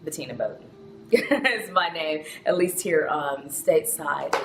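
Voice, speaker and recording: A chatty, animated woman, a TV news anchor, telling her personal story and laughing often. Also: sits low, a little slow, echoey room, soft background music, poor audio. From Houston, Texas, with Ghanaian roots.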